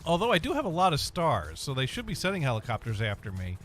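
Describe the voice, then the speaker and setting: A man's voice: on the high side, huge pitch swings, fast, fairly bright tone, soft background music. Dry-joking man hosting a game stream. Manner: rambling, dry jokes, reads chat aloud. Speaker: streamer host. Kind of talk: casual gaming stream chat. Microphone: webcam and desk mic.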